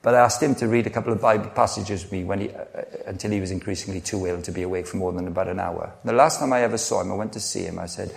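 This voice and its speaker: A man's voice: low-pitched, racing, gravelly, few pauses. A middle-aged man preaching a sermon, earnest and conversational, telling personal stories with frequent restarts. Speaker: pastor.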